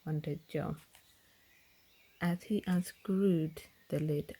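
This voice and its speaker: A woman's voice: lowish voice, fairly even intonation, slow, pauses often, warm tone, breathy edge. A woman reading a children's storybook aloud in a whispered role-play style. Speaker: reader.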